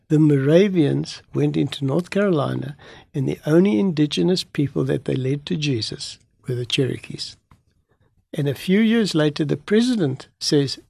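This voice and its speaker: A man, a pastor from Africa, telling a story in an animated way and acting out the dialogue. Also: fairly high pitch, gravelly, breathy edge, no room sound. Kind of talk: storytelling testimony in an interview.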